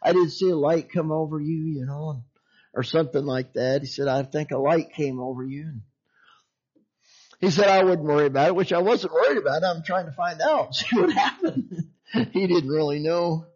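A man's voice: a little high, moderate pace, darkish tone, slightly rough. A man preaching, telling his own story in a folksy way with frequent chuckles. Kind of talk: sermon testimony. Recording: muffled lo-fi recording.

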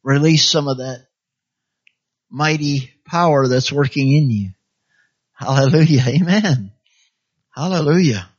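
A fairly high-voiced man preaching a sermon, punctuating his points with amen and hallelujah and slipping into little voices for the people he quotes. The recording is dull and lo-fi. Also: a little slow, long pauses. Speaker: pastor. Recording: dull lo-fi sound.

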